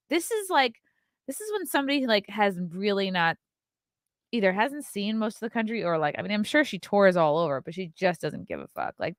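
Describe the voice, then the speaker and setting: A woman's voice: lowish voice, fairly bright tone, dry recording, studio quality. A woman hosting her own show, reading news stories aloud and breaking off for sarcastic, profane, scornful asides. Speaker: host.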